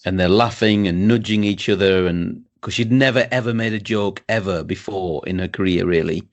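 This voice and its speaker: Deep-voiced eager male podcast host. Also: normal speed. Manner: eager, agreeable, stumbling restarts. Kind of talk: casual interview chat.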